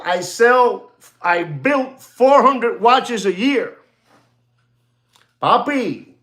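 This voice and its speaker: Animated, sarcastic man. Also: very high voice. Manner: sarcastic, repetitive, switches into Spanish. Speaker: watchmaker and show host. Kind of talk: ranting monologue.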